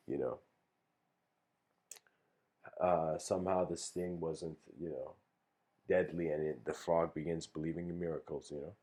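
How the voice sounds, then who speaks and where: A man's voice: low-pitched, a little mellow. A man giving a talk, telling a story in a laid-back, rambling way with lots of fillers and restarts. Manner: chuckles between phrases. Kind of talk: casual spoken storytelling and reflection.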